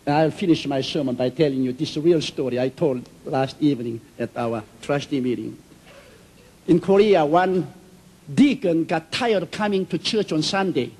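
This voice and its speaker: A man's voice: fairly high pitch, normal speed, darkish tone, breathy edge, low-quality recording. A man preaching a sermon, telling stories emphatically in simple, non-native English phrasing. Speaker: pastor.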